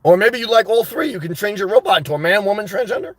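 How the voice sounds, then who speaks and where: High-voiced man rambling to live chat. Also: animated, fast talker, a bit bright. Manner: rambling and off-the-cuff, with frequent restarts; blunt and crude humor. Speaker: livestream host reading chat. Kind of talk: casual live-chat talk.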